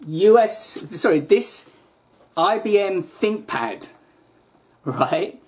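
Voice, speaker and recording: A man's voice: high-pitched, lively intonation, drawn-out words, pauses often, darkish tone. A man telling a long, rambling story to camera in a casual vlog rant, correcting himself often and growing exasperated. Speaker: vlogger.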